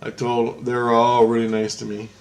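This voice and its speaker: In a casual vlog, a man recounts a story at a moderate pace in a mid-range voice. He's excitable and profane, and his voice rises whenever he quotes others.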